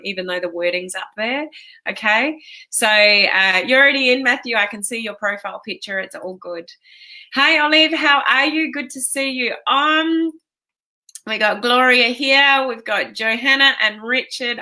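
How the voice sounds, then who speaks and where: A woman's voice: a little high, pushed and bright. A woman coach chatting live with viewers, emotional and tearful from a migraine, greeting people by name. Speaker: online fitness coach. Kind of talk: live video chat with viewers.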